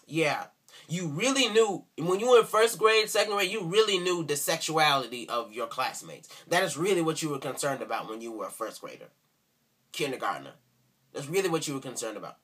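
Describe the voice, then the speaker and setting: A man's voice: fairly high pitch, very animated, brisk, fairly bright tone, breathy edge. A man speaking in an indignant, sarcastic rant for a response video, repeating himself for emphasis. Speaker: video commentator.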